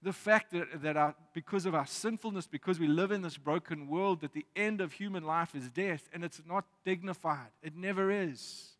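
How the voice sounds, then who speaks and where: A man preaching a sermon in a reflective way, reading scripture aloud with pauses. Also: a little high, a bit bright. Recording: long reverb of a hall.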